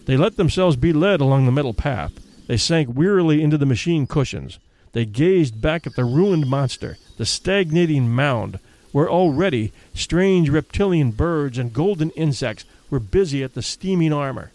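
A man reads a story aloud with dramatic, measured narration. His voice sits a little high and moves expressively up and down. He slows down and drops low for the quiet, grim moments. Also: lively intonation, no echo.

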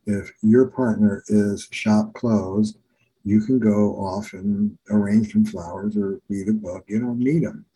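Older man therapist, mellow low voice, husky edge, emphatic storytelling. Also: steady tone, slow pace, poor audio. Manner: earnest, emphatic teacher repeating key phrases. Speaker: family therapist. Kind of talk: storytelling in a podcast interview.

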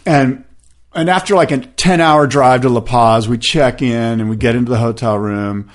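Spinning a lengthy anecdote on his podcast, a man in his fifties keeps things casual, voicing the other characters himself and peppering his talk with "like" and "you know." He speaks at normal speed in a middle male pitch, with an animated delivery.

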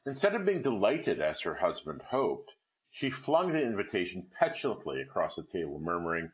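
A man reading a classic short story aloud with expressive literary narration. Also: sits low, normal speed, low-quality recording.

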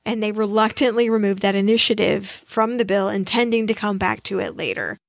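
A woman co-hosting a casual history podcast, telling the story with expressive asides. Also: medium pitch, a little fast, creaky, no room sound, clean studio sound. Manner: expressive storyteller, reads quotes aloud. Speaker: podcast co-host.

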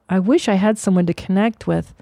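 A woman's voice: mid-range voice, vocal fry, warm tone, no echo. A middle-aged woman hosting a podcast, ranting bluntly and sarcastically with lots of swearing. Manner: profane, blunt, sarcastic rants. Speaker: podcast host. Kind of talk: casual podcast chat.

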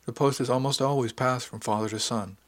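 A man doing a shy, soft-spoken young woman. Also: mid-range voice, fairly even intonation, a little fast, no echo, pitched above the performer's own voice, natural voice. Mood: quiet. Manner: soft, hesitant.

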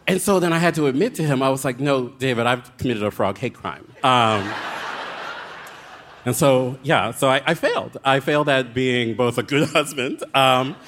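A man telling a dramatic, comic story as a guest author on a live show, with quick asides. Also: medium pitch, fairly bright tone, slight background noise.

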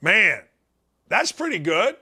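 A man's voice: high voice, very animated, slow, sharp tone, husky. A middle-aged man hosting a sports talk show, delivering a blunt, emphatic, sarcastic monologue. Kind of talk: opinionated monologue.

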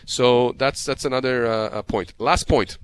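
Man of mid pitch, a lawyer giving emphatic, heated advice with repeated words. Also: a little slow, slight background noise. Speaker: personal injury lawyer as guest. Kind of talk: radio call-in advice talk.

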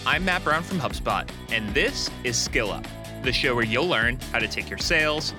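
A man hosting a scripted explainer show, with a lively delivery and playful asides. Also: mid-range voice, moderate pace, loud music behind the voice. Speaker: host.

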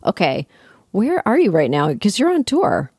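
Lively, laughing woman host from Canada. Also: medium pitch, normal speed, breathy edge, dry recording, studio quality. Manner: animated, laughing, profane. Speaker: talk show host. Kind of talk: casual chat.

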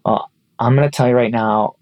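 A man's voice: medium pitch, fairly even intonation, a little fast, a little mellow, no room sound, dull audio. A man in his thirties, a pastor, giving earnest, encouraging advice to ministry leaders in a teaching talk.

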